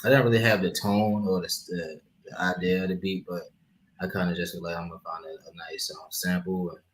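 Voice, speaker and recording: A man's voice: low voice, fairly even intonation, a little fast, a little hiss or hum, poor audio. A man who is a rapper and producer, a guest in a podcast interview, speaking in a thoughtful way with many fillers. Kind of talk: casual interview talk.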